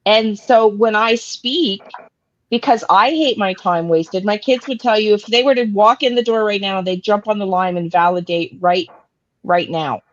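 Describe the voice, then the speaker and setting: A woman's voice: mid-range voice, muffled recording. A woman hosting a live true crime stream, blunt and profane, who keeps checking in with "okay?" and "right?". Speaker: true crime analyst host. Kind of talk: casual live-stream commentary.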